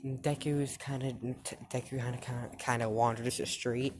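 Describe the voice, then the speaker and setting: A woman's voice: extremely low pitch, fairly even intonation, a little fast, background noise. A woman telling a fan story in a casual, rambling way, full of fillers and restarts.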